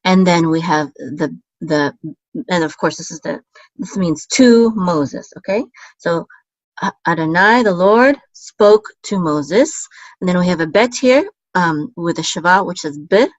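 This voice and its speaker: Patient, low-voiced woman teaching Hebrew letters. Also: unhurried, no room sound, muffled recording. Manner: patient, explains letter by letter, many fillers. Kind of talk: step-by-step reading lesson.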